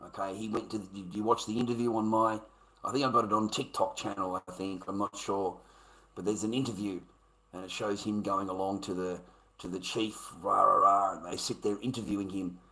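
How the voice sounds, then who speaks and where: A man's voice: on the low side, flat delivery, brisk, pushed and bright, rough recording. A man ranting bluntly and profanely at his live-stream chat. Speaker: livestreamer.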